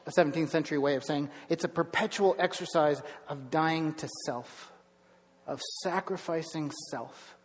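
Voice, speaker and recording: A middle-aged man preaching a sermon as pastor, telling stories with lively bursts of emphasis. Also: fairly high pitch, moderate pace, long reverb tail. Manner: storytelling, animated with bursts of emphasis. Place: church sanctuary.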